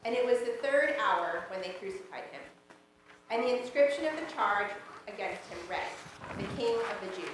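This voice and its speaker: A woman giving a steady, measured public scripture reading in a church. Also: mid-range voice. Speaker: scripture reader. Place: church sanctuary. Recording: distant mic, roomy church echo, background noise.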